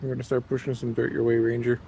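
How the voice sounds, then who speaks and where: Mellow-voiced man bantering while gaming. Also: medium pitch, completely flat delivery, vocal fry, a little hiss or hum, rough recording. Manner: joking, quick banter. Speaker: co-player. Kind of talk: casual gaming chat. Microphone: headset.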